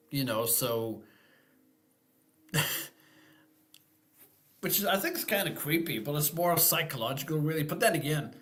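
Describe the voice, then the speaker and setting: A man's voice: a little high, fairly bright tone. Easygoing man hosting a live stream. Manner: easygoing, rambling, thinks aloud with fillers. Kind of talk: casual live-stream Q&A chat.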